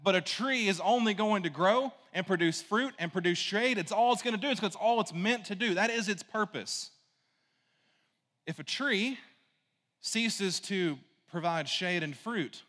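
High-voiced man preaching in a reverberant hall. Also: expressive, measured pace, sharp tone. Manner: casual, rambling, peppered with "like" and "right?". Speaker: pastor. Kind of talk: conversational sermon.

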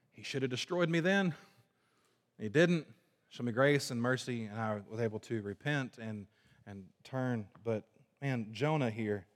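A man preaching a sermon to a congregation, moving between forceful emphasis and hushed, low passages. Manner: dynamic preaching, swinging from loud emphasis to hushed low tones. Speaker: pastor. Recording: long reverb of a large hall.

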